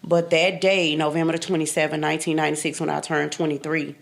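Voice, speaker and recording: Quick and flat, her gravelly low-pitched voice tells a candid personal story. She's a podcast guest in her fifties who speaks bluntly, repeats phrases for emphasis, and now and then laughs through difficult memories.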